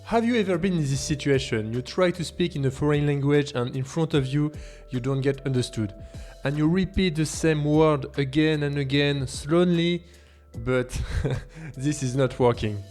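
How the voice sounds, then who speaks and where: A man's voice: fairly high pitch, normal speed, darkish tone, soft background music. A man with a French accent, a native French speaker, teaching a language lesson in an emphatic tone with rhetorical questions. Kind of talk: scripted video lesson.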